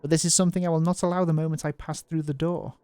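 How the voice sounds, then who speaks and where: A man's voice: on the high side, little pitch movement, rapid-fire, dark tone, clear, resonant tone, no room sound. A man hosting a gaming video, reading a story game's narration aloud and chuckling between lines. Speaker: gaming host.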